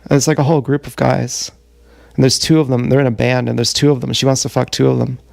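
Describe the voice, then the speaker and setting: Gravelly man telling a blunt confessional story. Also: mid-range voice, little pitch movement, a little mellow, dry recording. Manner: blunt, profane, halting with many fillers. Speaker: livestreamer. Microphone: action camera.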